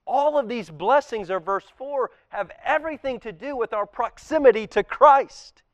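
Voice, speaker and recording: A male pastor delivers a sermon in a fairly high voice. He is impassioned, rising to loud emphasis and sinking to hushed, near-whispered lines. The sound is close and dry. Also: lively intonation, normal speed, no room sound, highs cut off. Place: church auditorium.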